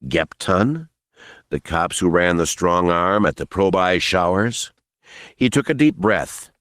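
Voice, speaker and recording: A man reading a novel aloud as audiobook narrator, expressive and dramatic. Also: deep voice, no echo, studio quality.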